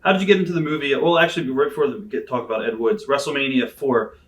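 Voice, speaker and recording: A man interviewing a guest, giving short acknowledgements and quick questions. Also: medium pitch.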